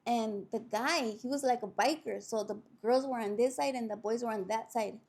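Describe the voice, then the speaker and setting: Foul-mouthed woman, fairly high voice. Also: normal speed, vocal fry. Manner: profane, blunt and animated, swearing constantly; drops into Spanish words mid-sentence. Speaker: podcast host. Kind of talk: candid personal storytelling.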